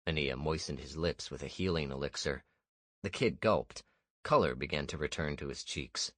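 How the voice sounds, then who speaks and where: A man narrating a first-person fantasy audiobook in a steady, measured way. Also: extremely low pitch, no echo.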